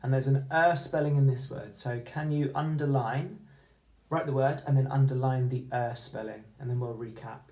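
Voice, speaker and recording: Teacher doing phonics, sounds out every letter super slow, mid pitch, bit of room echo. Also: darkish tone. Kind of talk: online phonics lesson. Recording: echoey room.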